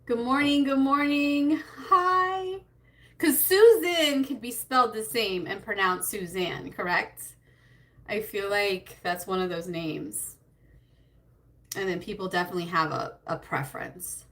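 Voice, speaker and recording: A woman's voice: medium pitch, unhurried, a bit bright. A woman hosting a casual beauty live stream, chatty and a little scattered, greeting viewers by name and laughing nervously. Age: adult with a child. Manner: nervous, self-conscious laughter. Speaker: beauty livestream host.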